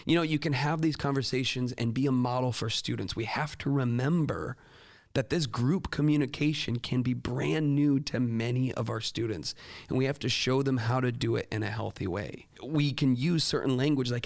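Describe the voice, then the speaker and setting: A man's voice: mid-range voice, moderate pace, creaky. A man, a teacher, talking earnestly to fellow teachers and acting out quoted dialogue in a raised voice. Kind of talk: talk to teachers with classroom stories.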